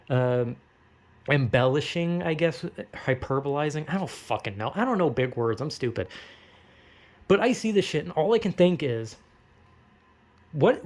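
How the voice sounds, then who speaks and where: A man's voice: fairly high pitch, a little mellow. A young man in a casual, rambling rant, swearing often and mocking himself. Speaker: online commentator.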